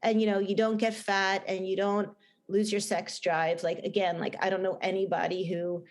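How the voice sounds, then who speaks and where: A middle-aged woman with a New Jersey accent, speaking earnestly in a podcast interview. She talks in a loose, rambling way, full of restarts and fillers, at a middle pitch. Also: flat delivery, moderate pace. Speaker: guest, film director and writer.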